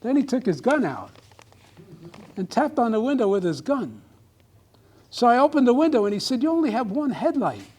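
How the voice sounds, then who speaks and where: A man's voice: very high voice, sing-song, moderate pace, pauses often, a little mellow. A man giving a humorous speech at a club meeting, telling a comic story to a live audience. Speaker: club speaker.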